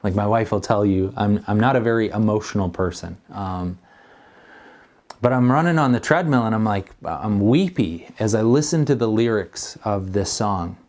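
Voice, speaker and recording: A man's voice: fairly low pitch, moderate pace, a little mellow. A middle-aged man preaching a sermon as a pastor, in an earnest, conversational way.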